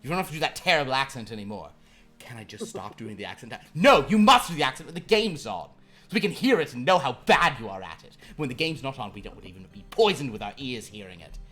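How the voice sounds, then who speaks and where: A woman's voice: very deep voice, expressive, fast, few pauses, faint music behind. A man doing a chirpy, scatterbrained hostess. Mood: excitable. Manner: chirpy, rambling, easily confused. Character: excitable, scatterbrained female party hostess.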